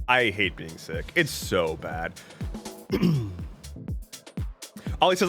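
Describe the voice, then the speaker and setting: A man's voice: medium pitch, huge pitch swings, slow, pauses often, fairly bright tone, faint music behind. A man chatting casually on a live stream, joking playfully and reading viewer messages aloud.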